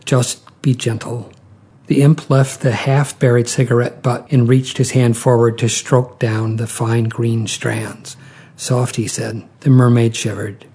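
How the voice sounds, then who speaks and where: A man reading a short story aloud in a calm, measured way. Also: mid-range voice, husky. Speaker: narrator.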